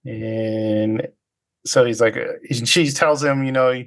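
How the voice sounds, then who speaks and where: A man casually recapping a film's plot as podcast host, rambling and halting with many fillers and quick imitations of characters. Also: medium pitch, steady tone.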